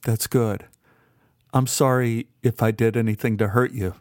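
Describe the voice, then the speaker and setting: An earnest, apologetic man, voiced by the narrator in a gentle, warm tone, mid-pitched and plain. The audiobook reading sounds dry and close to the mic. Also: fairly even intonation, moderate pace, no echo, natural voice. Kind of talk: audiobook character voice.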